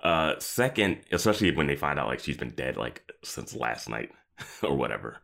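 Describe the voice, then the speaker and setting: A man with a very low voice that swings widely in pitch co-hosts a casual talk show. He picks apart a TV episode's logic with incredulous, profane remarks and the odd laugh. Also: very animated, normal speed, gravelly, a bit bright. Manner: critical, incredulous, swears freely, laughs. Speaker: podcast co-host. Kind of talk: casual chat discussing a TV episode.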